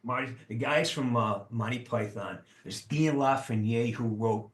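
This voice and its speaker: A man in his sixties, an actor guest telling a lively, profane anecdote and acting out the people in it. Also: medium pitch, measured pace. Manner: animated, profane, acts out the people in his stories. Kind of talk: casual storytelling anecdote. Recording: roomy echo.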